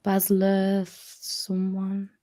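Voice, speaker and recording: A woman's voice: mid-range voice, completely flat delivery, extremely slow, mellow. A woman in a casual livestream chat, rambling enthusiastically.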